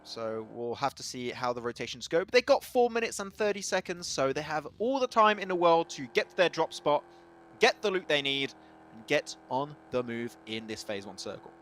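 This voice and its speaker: A man casting a live esports match in a chatty, excitable way, laughing often. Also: fairly high pitch, moderate pace, slight background noise. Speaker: esports caster.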